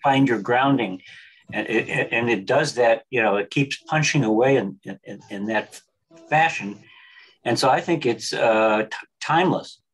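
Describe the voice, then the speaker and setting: A man's voice: medium pitch, a little slow, fairly bright tone, poor audio. A man joining a video-call discussion, commenting on a poem in a hesitant way, repeating words as he goes. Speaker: participant. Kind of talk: casual discussion.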